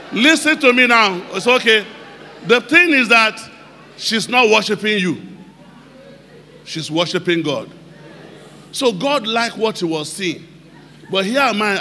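A man with a Nigerian accent preaching a personal testimony to a congregation, telling the story and breaking into shouted emphasis. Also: high-pitched. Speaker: pastor. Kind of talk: sermon testimony. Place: large church hall. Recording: echoey church hall with faint noise.

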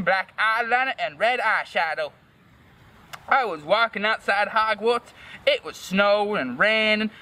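Man, bright sharp voice, comic story reading, first-person narration. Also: high-pitched. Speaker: host reading a fan story aloud.

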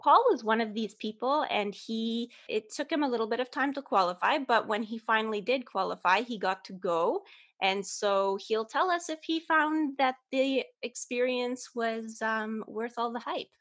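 A woman's voice: fairly high pitch, moderate pace, a bit bright. Woman podcast host introducing a guest.

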